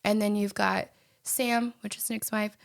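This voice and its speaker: A woman hosting a podcast, telling a story in a chatty, animated way and laughing often. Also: medium pitch, measured pace, gravelly. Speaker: podcast host. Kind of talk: casual storytelling chat.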